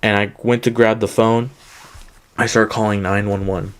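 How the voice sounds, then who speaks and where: A man's voice: fairly low pitch, level tone, moderate pace, smooth. A young man casually telling a rambling personal story, full of fillers and "he goes" quotes.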